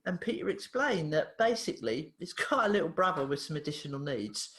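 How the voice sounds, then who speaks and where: Lively woman telling stories. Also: sits low, a little fast, roomy sound. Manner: animated, acts out voices in her anecdotes. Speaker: therapist and author, guest. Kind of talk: casual storytelling interview.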